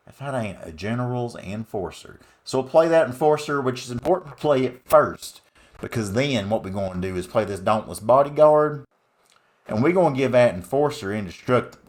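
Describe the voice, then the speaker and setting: A man voicing a loud, folksy rural Southern man with a put-on Southern US accent, drawling and hollering through gameplay commentary. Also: mid-range voice, animated, fairly quick, close to an everyday voice. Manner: drawling, hollering, swearing exclamations. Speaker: card game streamer.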